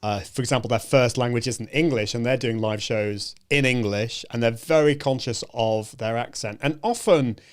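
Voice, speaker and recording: A man's voice: mid-range voice, moderate pace, hardly any pauses, smooth. Guy hosting a chat show, encouraging, keeps restarting his sentences. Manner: encouraging, hesitant with many restarts. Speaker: show host. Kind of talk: casual conversation.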